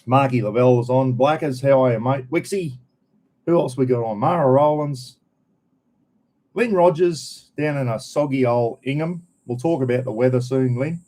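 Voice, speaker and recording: A man's voice: medium pitch, moderate pace, warm tone. A man with a North Queensland Australian accent, chatting casually and rambling to viewers on a live stream from home, full of broad slang. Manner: laid-back, rambling, broad colloquial slang. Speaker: vlogger. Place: home, indoors.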